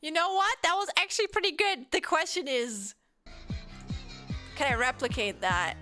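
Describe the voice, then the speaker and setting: A woman's voice: sits high, sing-song, moderate pace, bright, forceful tone. A German woman streamer chatting casually and laughing a lot with her chat, with a German accent. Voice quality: giggly, self-deprecating banter with chat. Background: game music.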